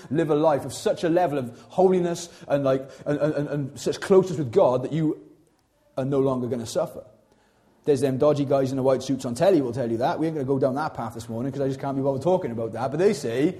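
A young man preaching with a high-pitched but mellow voice. He talks to the congregation like friends, jumping from jokes to earnest appeals and stumbling over repeated words as he goes. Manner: animated, conversational preaching with asides and repetitions. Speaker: pastor. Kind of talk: sermon.

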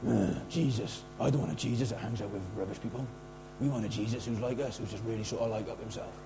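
A man voicing a sulky, stuck-up religious man, muttering low and quiet in a sneering tone during a sermon. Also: fairly even intonation, fast talker, noisy background, close to an everyday voice. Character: grumbling, stuck-up, self-righteous religious man.

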